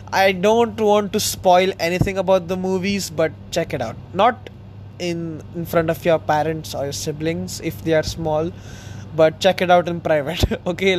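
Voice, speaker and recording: A man hosting his own podcast, chatting casually in an excitable, rambling way, laughing often. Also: high voice, slight background noise. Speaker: podcast host. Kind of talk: casual solo chat.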